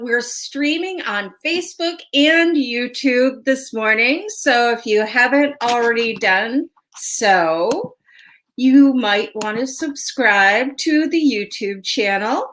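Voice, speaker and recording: A woman's voice: fairly high pitch, a bit bright, a little hiss or hum. A woman hosting a casual livestream tarot show, chatty and friendly with viewers, laughing often and a little stuffy from a sinus cold. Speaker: host and tarot reader.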